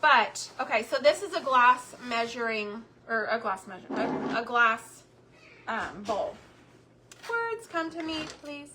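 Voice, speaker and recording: A chatty middle-aged woman with a drawl talks her way through a homemaking livestream. Her voice is bright and a little high, and it is slightly hoarse. A faint hiss sits under the recording. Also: sing-song, slow. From Texas. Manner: chatty, warm Southern drawl with frequent fillers and word searches. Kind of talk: casual livestream chat.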